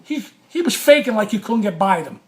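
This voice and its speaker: A man telling a personal story in a casual, animated way, swearing often and acting out what he said. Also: high-pitched, brisk. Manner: animated, profane, reenacts his own quotes. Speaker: former sports radio caller.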